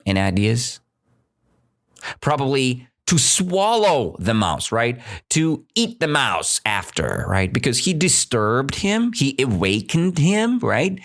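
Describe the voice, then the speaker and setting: A man teaches English by retelling a story, speaking slowly and asking his listeners questions as he goes. His pitch moves up and down a lot, which keeps the explanation animated. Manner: slow, questioning, keeps checking understanding. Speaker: English teacher, podcast host.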